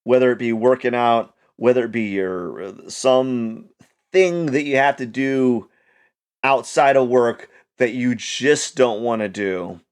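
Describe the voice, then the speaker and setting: A man's voice: mid-range voice, slow, clear, resonant tone. Rambling man in a casual pep talk. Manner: rambling, heavy use of "like", frequent restarts; animated, swings between loud and quiet. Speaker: channel host. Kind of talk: casual motivational monologue.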